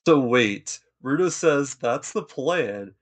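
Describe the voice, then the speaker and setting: A man's voice: medium pitch, expressive, takes it slowly. A man giving a casual, enthusiastic recap of an anime episode, retelling scenes in laid-back, slangy talk.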